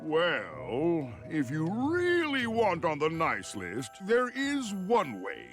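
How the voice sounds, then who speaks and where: An actor playing a stern, weary, unimpressed old Santa Claus in a cartoon. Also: male voice, on the high side, huge pitch swings, a bit bright, full character voice. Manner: dry, deliberate, unimpressed. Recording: clip with music behind. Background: music.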